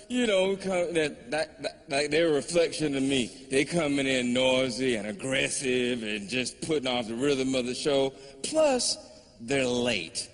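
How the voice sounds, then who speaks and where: A man doing stand-up comedy, telling a story in a wry, drawling way with pauses. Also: mid-range voice, animated. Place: live comedy venue, large hall. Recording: live hall reverb, faint ambience.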